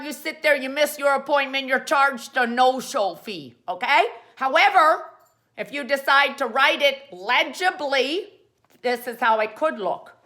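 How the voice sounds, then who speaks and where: A woman's voice: sits high, bright, forceful tone. A woman hosting a comic how-to show, playful and rambling, full of jokey asides. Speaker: host.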